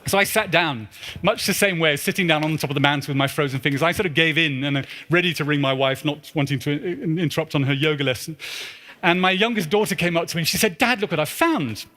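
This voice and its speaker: Fast-talking man telling funny stories. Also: a little high. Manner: animated, acts out dialogue in put-on voices. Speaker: keynote speaker. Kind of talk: humorous storytelling talk. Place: large church.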